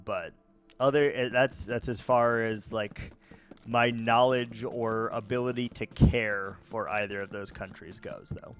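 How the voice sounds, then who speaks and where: A man casually chatting with viewers while playing a game, rambling and relaxed with many fillers and restarts. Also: mid-range voice, unhurried, faint music behind. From United States. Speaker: gaming vlogger. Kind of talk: casual let's-play chat answering viewers.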